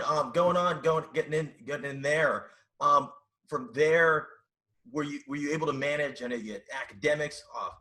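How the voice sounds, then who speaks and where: A man hosting a casual interview, asking questions in a halting way with many restarts. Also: mid-range voice, bright, forceful tone. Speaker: host.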